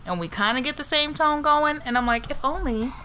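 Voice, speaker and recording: Chatty woman cohost, bright voice, sings little bits here n there. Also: high-pitched, animated, brisk, a little hiss or hum. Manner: chatty, breaks into snippets of song. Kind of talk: casual chat.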